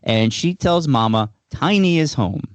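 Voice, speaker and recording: A man's voice: mid-range voice, animated, measured pace, no echo, dull audio. A man co-hosting a podcast, recapping a film step by step with dry jokes in casual chat. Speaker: podcast co-host.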